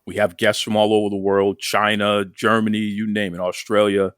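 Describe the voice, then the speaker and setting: A man's voice: lowish voice, flat delivery, moderate pace, a bit bright, clear, resonant tone, no echo, studio quality. A man hosting a wrestling interview show, asking questions in a playful, teasing way. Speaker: podcast host.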